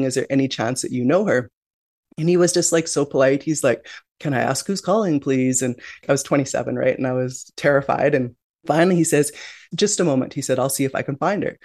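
This very deep-voiced woman talks fast with a darkish tone, a middle-aged Canadian guest sharing her life story in an interview. She's candid and reflective, frequently restarting and leaning on "you know." The clean studio recording has no room sound.

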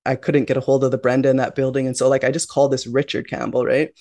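A woman's voice: a bass voice, level tone, quick pace, warm tone, no room sound. A middle-aged woman, a guest in an interview, telling her life story in a reflective, candid way. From Canada. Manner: reflective, candid, with frequent restarts and "you know".

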